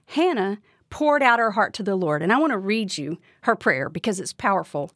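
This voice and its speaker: A woman's voice: mid-range voice, sing-song, moderate pace, fairly bright tone, no room sound, studio quality. A woman giving a devotional Bible teaching, speaking earnestly and asking the listener direct questions.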